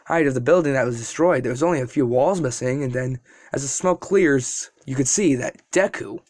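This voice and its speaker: A man's voice: fairly high pitch, a little mellow, dry recording, clean studio sound. A young man casually narrating a fan-made story, rambling with restarts and asides.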